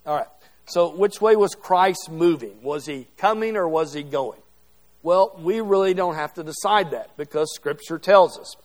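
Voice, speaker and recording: A man's voice: a little high, normal speed. A middle-aged man teaching a Bible class to a group, talking conversationally and checking in with "okay?" as he goes. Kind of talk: interactive Bible class lecture. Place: classroom or church hall with a group.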